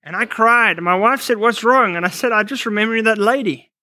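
A man's voice: high-pitched, a little fast, pushed and bright, no room sound. A man preaching a sermon, telling personal stories and quoting scripture, with frequent restarts and fillers.

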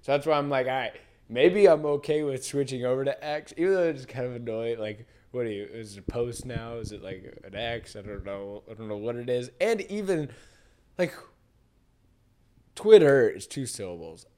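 A man's voice: medium pitch, lively intonation, normal speed, dark tone. A man hosting a podcast, chatting in a rambling way, often trailing off and laughing. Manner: rambling, laughs often, says dude and I don't know. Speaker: podcast host. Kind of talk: casual chat.

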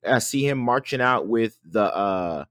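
A man co-hosting a podcast, venting in animated, exasperated bursts that trip over repeated words. His voice sits at an ordinary middle pitch. The sound is close and dry, with no room echo. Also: unhurried. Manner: animated, exasperated ranting with many restarts. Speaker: podcast co-host. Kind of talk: casual chat.

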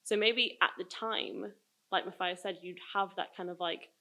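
A woman's voice: lowish voice, steady tone, moderate pace, bright, forceful tone. A woman who grew up in the countryside, chatting about a film in a casual group discussion, her speech full of "like" fillers.

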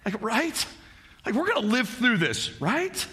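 A man's voice: very high-pitched, big pitch swings, a little slow, sharp tone, exaggerated voice. A man voicing a nervous adult male apostle who rambles anxiously and keeps asking for reassurance. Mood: panicky.

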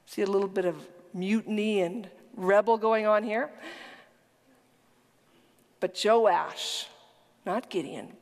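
A woman preaching a sermon in earnest, emphatic tones, now and then sinking to a hushed whisper. Her voice trails off into a long reverb, as in a large hall. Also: mid-range voice, measured pace. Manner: earnest, emphatic storytelling, dropping to a whisper at times.

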